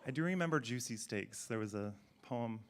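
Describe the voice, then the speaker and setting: A man hosts a school poetry slam, filling the gaps between poets with playful, joking asides. His voice is medium-pitched but very animated, leaping up and down as he teases and introduces the next poet. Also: moderate pace, slight background noise. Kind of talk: emceeing a live event. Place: school event hall.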